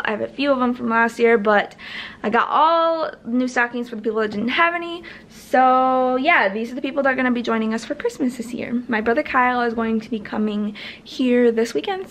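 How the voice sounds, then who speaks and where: A woman's voice: fairly high pitch, normal speed. Rambling young woman vlogging at home. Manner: rambling and self-interrupting, trails off mid-sentence. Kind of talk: casual vlog chat. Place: at home, indoors.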